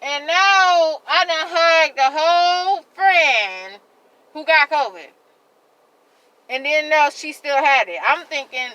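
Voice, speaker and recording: A woman vlogger venting to her viewers in a heated, rambling rant, repeating herself and filling every pause with "like.". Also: sits high, bright, forceful tone, no room sound, lo-fi sound. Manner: heated, repetitive rant full of "like". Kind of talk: venting monologue to camera.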